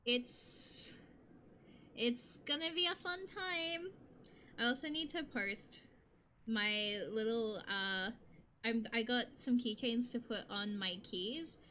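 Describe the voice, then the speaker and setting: Young woman, streamer, bubbly rambling chat, bright sharp voice, slightly high, faint hiss behind. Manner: bubbly, rambling, quick to laugh.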